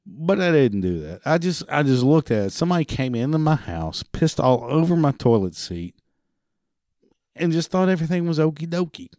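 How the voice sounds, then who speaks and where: A man's voice: on the high side, sing-song, normal speed, darkish tone, no room sound, clean studio sound. A man delivering a profane, exasperated monologue rant. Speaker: ranting commentator.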